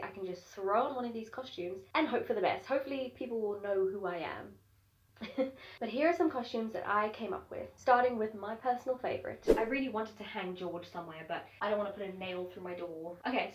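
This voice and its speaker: A young woman vlogging at home, talking to camera in a chatty, upbeat way. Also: mid-range voice. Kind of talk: casual to-camera chat. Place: at home indoors. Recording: roomy sound from a distance.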